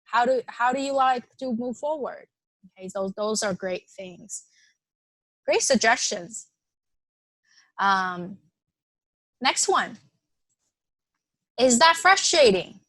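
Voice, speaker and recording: A woman leading an online workshop, talking casually, reading participants' suggestions aloud and warmly affirming them. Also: on the high side, animated, slow pace, pauses often, dry recording. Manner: conversational, with frequent fillers and restarts. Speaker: workshop presenter.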